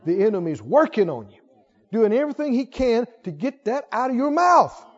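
A man preaching a sermon in a church, conversational and animated, building to emphatic exclamations. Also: very high-pitched, moderate pace. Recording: dull audio with long hall reverb.

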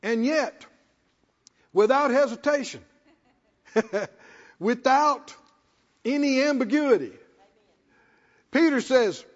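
A man's voice: very high-pitched, animated, slow, long pauses. A man preaching a sermon in an emphatic, folksy way, repeating himself for effect. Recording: lo-fi with long hall reverb.

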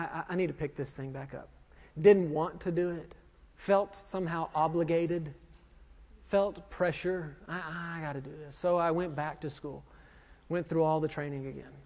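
High-voiced male preacher telling a story. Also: a little mellow, highs cut off. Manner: storytelling, self-mocking, quick asides. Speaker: minister. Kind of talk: sermon testimony.

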